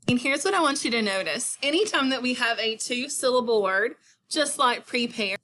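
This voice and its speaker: An elementary school teacher records a phonics lesson for young children, speaking slowly and encouragingly and enunciating each word clearly. Her voice is on the high side with a sharp tone.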